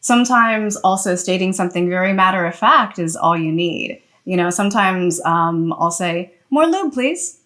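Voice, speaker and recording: A woman's voice: on the low side, steady tone, normal speed, hardly any pauses, pushed and bright. A woman co-hosting a podcast, chatting casually with a loose, filler-heavy way of talking. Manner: chatty, loose, many "like" and "you know" fillers. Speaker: podcast co-host.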